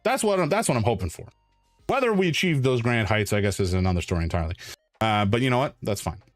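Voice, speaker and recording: A man's voice: mid-range voice, very animated, fast talker, dry recording, faint music behind. A man streaming, chatting casually in a rambling, playful, self-deprecating way. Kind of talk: casual live-stream chat.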